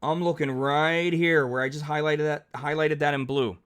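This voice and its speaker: A man's voice: a little high, fairly even intonation, normal speed, a bit bright, clean tone. A man teaching calculus over a digital whiteboard, chatty and upbeat, thinking aloud and correcting himself as he writes each step. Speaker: math teacher. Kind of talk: narrated whiteboard math lesson.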